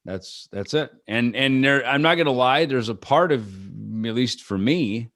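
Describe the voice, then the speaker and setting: A man's voice: mid-range voice, normal speed, fairly bright tone, no room sound, studio quality. A man being interviewed over a video call, talking in a loose, rambling way with many fillers and restarts and acting out quotes. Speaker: rock musician guest. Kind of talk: casual interview chat.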